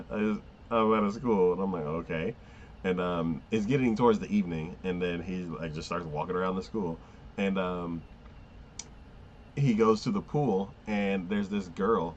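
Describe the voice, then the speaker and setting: A man's voice: low-pitched, unhurried, muffled recording, a little hiss or hum. A man casually recapping an anime episode, rambling with many fillers, often laughing and acting out lines. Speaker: anime podcast host.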